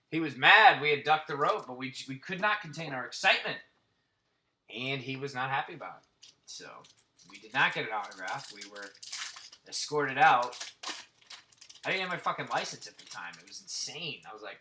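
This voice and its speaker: A man's voice: medium pitch, animated, brisk, sharp tone, a little hiss or hum. Brash, profane man calling out baseball cards. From Central Florida. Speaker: card break host. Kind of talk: casual card-opening chat.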